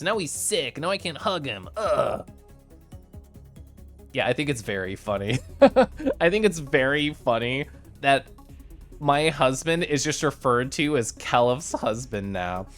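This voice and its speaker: A woman streamer chatting casually on a live stream, bubbly and giggly, greeting viewers by name. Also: low-pitched. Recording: faint music behind.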